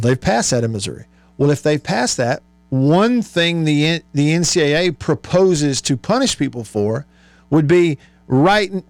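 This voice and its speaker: A man's voice: on the high side, no room sound. A man hosting a sports call-in show, reading listener texts aloud and musing over them in a chatty way, with many fillers. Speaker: sports radio host.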